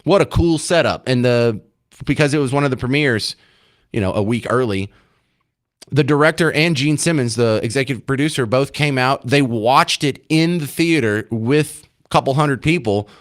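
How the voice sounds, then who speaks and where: A man's voice: medium pitch, moderate pace. A man hosts a casual talk radio show, rambling along with a self-mocking streak. His mid-range voice sits in a dry, close studio sound with no room echo.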